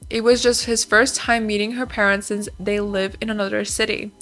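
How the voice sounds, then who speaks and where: A woman's voice: mid-range voice, little pitch movement, normal speed, fairly bright tone, soft background music. A woman hosting a reaction video, chatting casually, reading posts aloud and laughing often.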